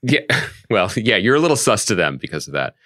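A man co-hosting a pop-culture podcast, telling animated, joking stories in casual chat. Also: on the low side, a little fast. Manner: animated storyteller, jokey riffs. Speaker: podcast co-host.

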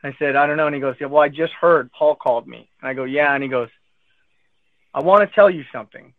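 Talking fast in a medium pitch, a man tells the story of his cancer diagnosis, voicing the words of friends and doctors in a lively retelling. The recording is dry, with the thin, tinny sound of a phone line.

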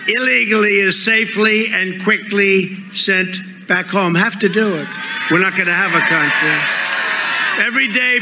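A man giving a rally speech into a podium microphone, emphatic and repetitive, with bursts of shouting. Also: sits high, noisy background. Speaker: political speaker. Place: large rally venue.

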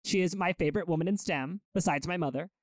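A man's voice: high voice, quick pace, no echo, clean studio sound. A young man co-hosting a podcast in casual chat, joking and making mock-formal apologies. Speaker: podcast co-host.

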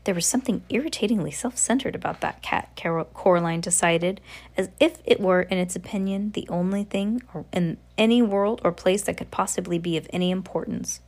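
A woman reading a novel aloud in a steady voice, now and then slipping and correcting herself. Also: lowish voice, fairly quick. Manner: steady reading with occasional slips and self-corrections. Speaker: audiobook reader.

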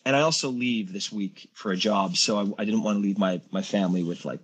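In a casual interview, a middle-aged actor appearing as a guest talks in loose, rambling sentences that keep restarting. He has a fairly low-pitched voice and speaks fairly quickly.

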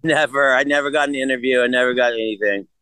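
A man's voice: mid-range voice, fast talker, sharp tone, a little hiss or hum, low-quality recording. An older man in a casual interview, blunt and profane, rambling through stories. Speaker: guest.

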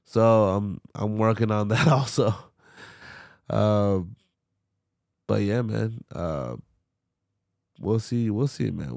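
A young man hosts his own podcast alone, rambling casually and cursing freely, with plenty of fillers and sighs. His voice sits low with a gravelly fry. The sound is dry and close to the mic. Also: animated, slow, a little mellow, dry recording. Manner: loose, profane, frequent fillers and sighs. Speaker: podcast host.

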